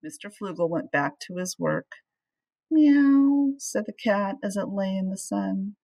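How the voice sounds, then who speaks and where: A woman teacher reading a children's picture book aloud with expressive storytelling. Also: mid-range voice, normal speed.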